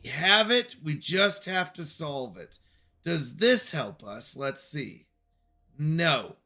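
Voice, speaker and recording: Lively bright-voiced male game streamer. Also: on the high side, takes it slowly, faint music behind. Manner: jokey self-talk, scolding chat and himself. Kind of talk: live game commentary.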